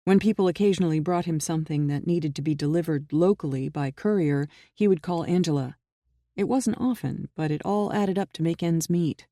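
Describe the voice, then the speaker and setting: A gravelly, mellow audiobook narrator reads a suspense novel in even, measured storytelling. The sound is close and dry, with no room around the voice. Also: medium pitch, no echo.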